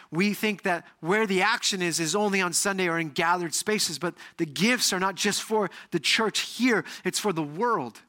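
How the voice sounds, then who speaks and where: A man preaching a sermon with a bright, forceful voice set a little high. He tells stories with lots of animation and acts out the people in them. He sounds like a middle-aged pastor speaking in church. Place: church sanctuary.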